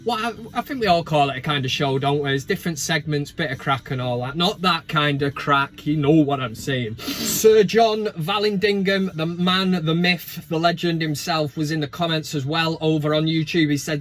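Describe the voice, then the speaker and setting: A man's voice: on the high side, moderate pace, hardly any pauses, a bit bright. Bantering man hosting a football vlog. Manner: banter, swearing, jokey. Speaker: host. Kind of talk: casual football chat vlog.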